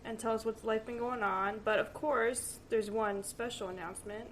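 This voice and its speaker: A woman hosting a casual podcast, introducing guests in a loose, halting way. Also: fairly high pitch, steady tone, a little hiss or hum, rough recording. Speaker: podcast host. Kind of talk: casual chat.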